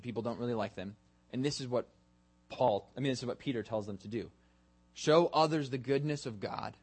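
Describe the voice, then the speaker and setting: A pastor preaching a sermon in a relaxed, conversational way, asking his listeners questions and joking about himself. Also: medium pitch. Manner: casual and self-deprecating, asks the congregation questions.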